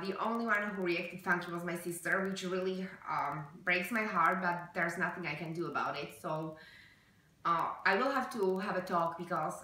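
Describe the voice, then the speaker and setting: A woman's voice: mid-range voice, bright, forceful tone. Emotional woman, echoey room, far from mic. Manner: earnest, halting, many fillers and restarts. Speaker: vlogger. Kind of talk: personal vlog talk to camera.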